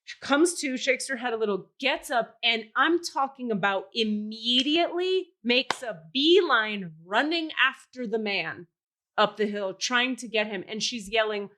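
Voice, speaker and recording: A woman hosting a podcast, telling a story in casual chat, animated and swearing, acting out the voices of people she quotes. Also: fairly high pitch, a little slow. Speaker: podcast host.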